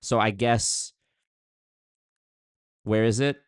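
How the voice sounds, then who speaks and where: Rambling young male streamer, lowish voice. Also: very slow, clear, resonant tone, dry recording, clean studio sound. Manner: rambling, animated, with many fillers and restarts. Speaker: streamer reading chat. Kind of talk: casual livestream chat.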